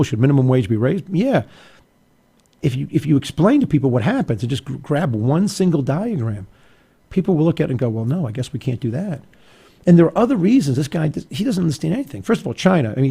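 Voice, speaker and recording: A man's voice: medium pitch, gravelly, warm tone, slightly rough. A man hosting a political talk show, arguing emphatically and going off on asides and restarts. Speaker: radio talk show host. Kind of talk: opinionated political commentary.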